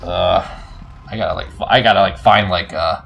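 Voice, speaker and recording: A man playing a horror game and talking casually, excitable and swearing, yelping when something startles him. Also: low-pitched, moderate pace, vocal fry, soft background music. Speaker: let's play gamer. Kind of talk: casual gameplay commentary.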